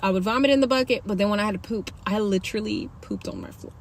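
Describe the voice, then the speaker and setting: A young woman with a middle-range voice recounts her own experience in casual, slangy speech. Her telling is candid and animated, as if she were talking straight to viewers. A faint hum of background noise sits under the recording. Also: medium pitch, fast. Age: young adult. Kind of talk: casual storytelling to camera.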